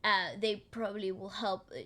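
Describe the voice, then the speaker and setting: A woman's voice: medium pitch, fairly even intonation, a little fast, fairly bright tone. A woman co-hosting a reaction video, chatting casually and gushing with enthusiasm.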